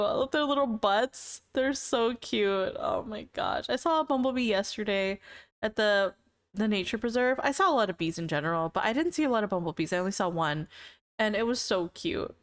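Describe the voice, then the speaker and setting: A woman streamer in casual live-stream chat with viewers, playful and teasing, laughing often between remarks. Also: mid-range voice.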